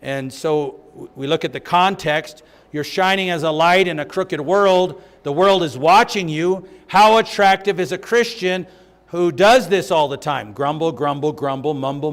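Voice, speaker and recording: Emphatic man teaching a Bible study. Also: sits high. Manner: emphatic, repeats key phrases. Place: church.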